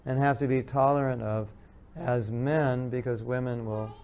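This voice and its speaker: Male lecturer, mellow dark tone, earnest, repeats his points to the audience. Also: medium pitch, steady tone, normal speed. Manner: earnest, repeats key phrases, acts out spouses' lines. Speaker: speaker giving a talk on marriage. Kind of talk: spiritual lecture with audience questions.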